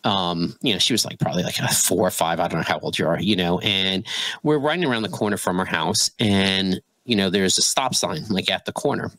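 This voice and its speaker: A middle-aged man co-hosting a podcast, telling a personal story in animated, filler-heavy casual conversation. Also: deep voice, fairly quick, no room sound, rough recording. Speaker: podcast co-host.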